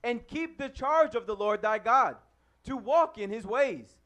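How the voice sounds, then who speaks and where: Guy reading scripture out loud, really high voice, slow and careful. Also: expressive. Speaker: scripture reader. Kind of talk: reading the Bible aloud.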